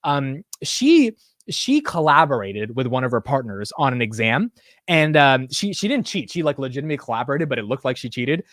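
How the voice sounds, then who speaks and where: A man's voice: mid-range voice, very animated, fairly quick, a bit bright, no room sound, studio quality. A man hosting a live stock market show in casual commentary, rambling and blunt with casual swearing.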